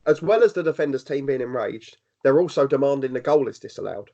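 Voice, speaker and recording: A man's voice: mid-range voice, animated, fast talker, a little mellow. A man hosting a podcast, reading out scenarios with a dry, wry delivery. The sound is a little dull and lo-fi. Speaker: podcast host asking questions. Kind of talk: reading out scenarios, casual chat.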